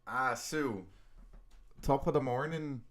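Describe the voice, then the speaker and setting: A man's voice: medium pitch, slow, fairly bright tone. A man putting on a cheery, exaggerated Englishman who is over-polite and fond of breakfast, drawing out his words in a mock-posh way. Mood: jolly.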